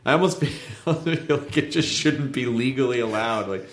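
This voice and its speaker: A man's voice: mid-range voice, normal speed, echoey room. Crude, wisecracking man co-hosting. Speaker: co-host. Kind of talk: casual podcast chat.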